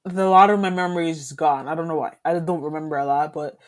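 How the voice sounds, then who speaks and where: A young woman co-hosting a podcast, telling a school story in a casual, animated way and laughing as she acts out what people said. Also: deep voice, fast talker. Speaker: podcast co-host.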